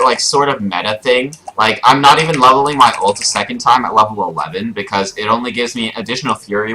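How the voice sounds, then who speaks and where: A man's voice: low voice, sharp tone, low-quality recording. A young man giving casual live commentary over his own gameplay as a streamer, explaining his choices with frequent fillers. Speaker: gaming streamer. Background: keyboard clicks and typing.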